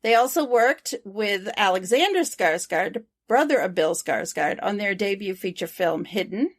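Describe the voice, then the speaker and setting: A woman's voice: mid-range voice, expressive, normal speed. A woman co-hosting a podcast, reading prepared trivia and chatting loosely. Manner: reads prepared trivia, then chats loosely. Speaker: podcast co-host. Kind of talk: reading notes and casual chat.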